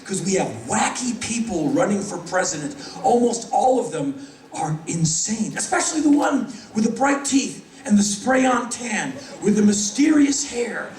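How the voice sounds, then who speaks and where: An American man in his fifties telling stories on stage in a wry, animated way, acting out the voices of people he quotes. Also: high-pitched, a little slow, a little hiss or hum. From United States. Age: 50s. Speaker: spoken word performer. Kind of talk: live stage storytelling. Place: large concert hall. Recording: echoey hall from far off.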